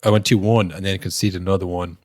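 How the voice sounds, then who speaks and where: A man's voice: sits low, steady tone, fast talker, dry recording, clean studio sound. A young adult man co-hosting a football podcast, telling the story animatedly and acting out the people in it. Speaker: podcast co-host. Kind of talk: casual football chat.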